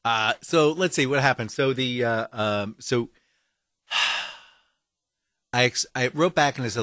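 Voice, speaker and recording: A man co-hosting a podcast, telling a story in a casual, animated way and acting out the people in it. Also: mid-range voice, slow, long pauses, no echo, studio quality. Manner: animated, acts out phone calls in other voices. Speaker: co-host.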